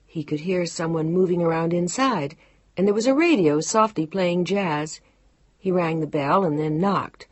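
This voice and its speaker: A woman narrating an audiobook romance in a measured, emotive storytelling manner. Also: fairly low pitch, dry recording, lo-fi sound. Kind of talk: scripted narration.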